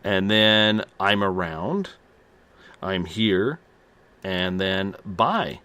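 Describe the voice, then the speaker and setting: A man hosting a radio show, reading out listener responses from the chat in an unhurried way. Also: low voice, sharp tone, clear, resonant tone.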